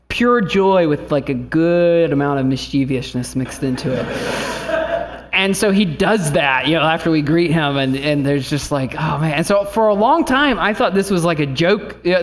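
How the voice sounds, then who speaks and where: Preaching with sincerity, this pastor in his thirties shares a story about his family and occasionally builds to passionate appeals. His pitch is slightly high.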